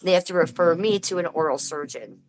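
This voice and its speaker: A woman's voice: lowish voice, a little fast, slight background noise, low-quality recording. A woman chatting casually to viewers on a livestream from home over a phone, rambling through a complaint and greeting people by name. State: aching tooth. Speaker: livestream host.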